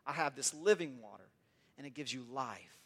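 A man's voice: mid-range voice, animated, normal speed, a bit bright, slightly rough. A man preaching a sermon in an earnest way, often repeating words as he builds toward a point.

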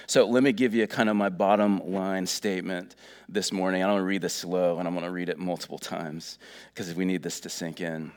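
A man's voice: deep voice, fairly even intonation, a little fast, smooth. A middle-aged man preaching a sermon in a folksy, earnest way, full of fillers. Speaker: pastor.

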